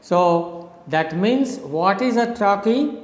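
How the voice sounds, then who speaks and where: A middle-aged man from India lectures very slowly and deliberately, repeating and spelling out words for his students. His voice sits a little high for a man. The room rings with a long, echoing reverb. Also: lively intonation, soft background music. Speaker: English literature professor. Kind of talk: recorded lecture.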